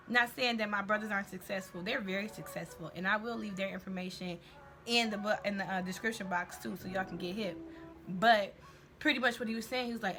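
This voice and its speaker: A woman's voice: mid-range voice, a little fast, bright, forceful tone. A young woman tells a personal story in a candid, slangy, faith-centered vlog. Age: young adult. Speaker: vlogger. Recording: music playing underneath.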